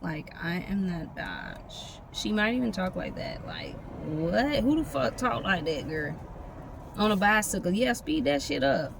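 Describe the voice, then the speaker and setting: Giving a loose tarot reading, this speaker jumps between images by free association and curses freely. The gravelly mid-range voice moves at normal speed with huge pitch swings, against a noisy backdrop of passing vehicles.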